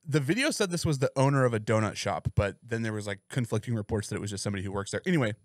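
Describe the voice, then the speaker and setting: A man co-hosting a podcast, telling a story in a casual, profane, animated way. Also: lowish voice, very fast, no room sound, studio quality. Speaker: podcast co-host. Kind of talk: casual chat.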